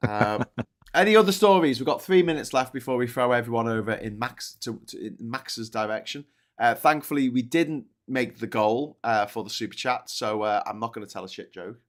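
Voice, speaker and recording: A man's voice: mid-range voice, normal speed. A British man co-hosting a live news stream in casual chat, rambling, restarting his sentences and cracking jokes. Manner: rambling, self-correcting, jokey.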